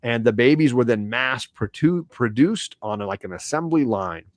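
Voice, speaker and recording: A man's voice: medium pitch, moderate pace, no echo, studio quality. A man hosting a casual comics podcast, chatting loosely and acting out characters' lines in playful voices. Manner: animated, acts out characters' lines in silly voices. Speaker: podcast host.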